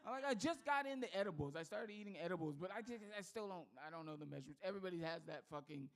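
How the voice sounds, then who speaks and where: A man's voice: high-pitched, expressive, rapid-fire. A man from Texas doing a rambling, profane, self-mocking stand-up set. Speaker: stand-up comedian.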